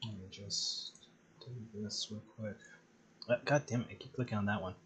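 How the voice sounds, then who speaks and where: A man streaming while he draws, chatting casually in a relaxed, rambling way with plenty of swearing. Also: on the low side, normal speed, a little hiss or hum. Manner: relaxed, profane, rambling with chuckles. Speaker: streaming artist. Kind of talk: casual chat while drawing.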